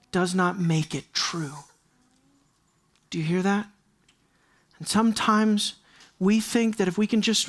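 A pastor delivers an earnest sermon, repeating key phrases for emphasis. He shifts between soft, low asides and raised, pressing lines.

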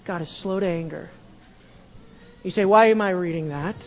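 High-pitched pastor guy giving a sermon, hammers phrases over and over, gets loud then real quiet. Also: moderate pace, big-room sound. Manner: emphatic, repeats key phrases, swings from loud to hushed.

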